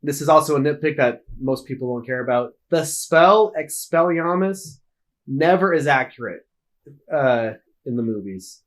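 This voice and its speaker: A man's voice: medium pitch, lively intonation, moderate pace. A man co-hosting a film podcast, chatty and nitpicking, often laughing as he talks. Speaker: podcast co-host. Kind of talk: casual film discussion.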